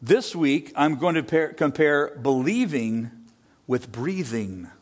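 Animated male preacher with rhetorical questions. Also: fairly high pitch, slow pace. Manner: animated, rising and falling delivery. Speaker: pastor. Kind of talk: sermon.

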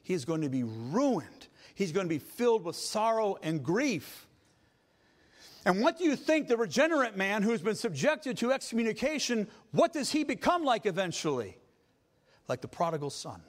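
A male pastor preaching a sermon, emphatic, repeating his points and building to loud climaxes. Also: sits high, very animated, normal speed.

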